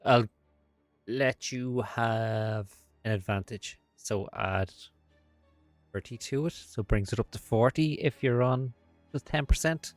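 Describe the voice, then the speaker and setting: A man's voice: mid-range voice, takes it slowly, soft background music. A man running a tabletop horror game as game master, casual and playful.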